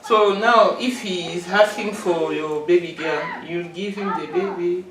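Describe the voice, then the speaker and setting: Low-voiced woman asking calm questions. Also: measured pace, reverberant, distant mic, noisy background. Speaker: interviewer. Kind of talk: casual interview questions.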